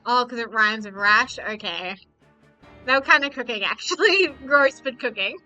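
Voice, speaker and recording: A woman's voice: fairly high pitch, expressive, normal speed, bright, forceful tone, soft background music, poor audio. A woman streaming a card game, chatting casually, swearing freely and making fun of herself. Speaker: VTuber streamer.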